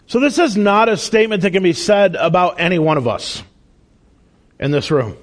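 A man's voice: sits high, expressive, normal speed. A man delivering a sermon as a pastor in a church, earnest and emphatic, with asides and bits of self-deprecating humor.

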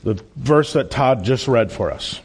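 A man preaching a Sunday sermon in a church. He speaks earnestly and leans on key phrases for emphasis. His voice sits at a middling pitch and breaks now and then into light asides. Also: expressive, unhurried, slight background noise. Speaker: pastor.

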